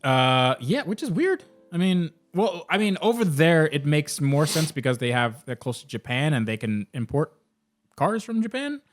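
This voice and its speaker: A man's voice: on the high side, big pitch swings, moderate pace, soft background music. A man hosting a car podcast, rambling and stammering in casual chat. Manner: rambling, stammering, laughs easily. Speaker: podcast host.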